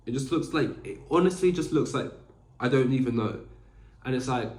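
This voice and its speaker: A man's voice: mid-range voice, moderate pace, darkish tone. Rambling young man, echoey room. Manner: rambling, frequent fillers and restarts. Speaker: podcast host. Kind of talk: casual solo chat.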